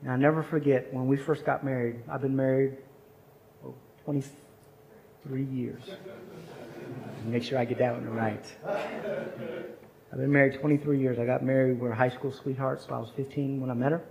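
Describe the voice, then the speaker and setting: Gravelly middle-aged guy preaching, tells stories and does the voices, bit of noise behind. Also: medium pitch, level tone, normal speed, long pauses, a little mellow, poor audio. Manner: storytelling, acts out quoted voices. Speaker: chapel speaker. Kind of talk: sermon story.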